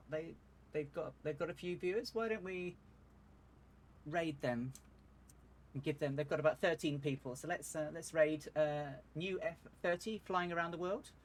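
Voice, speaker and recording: Man, fairly high voice, rueful and chatty, live game streamer. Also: normal speed, a little hiss or hum. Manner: rueful, chatty, laughs at his own mishaps. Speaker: flight sim streamer.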